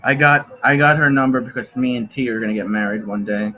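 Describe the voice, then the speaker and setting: A man's voice: mid-range voice, quick pace, bright, forceful tone, poor audio. A young man streaming from his bedroom, chatting casually, joking and swearing as he rambles. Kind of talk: casual live-stream chat.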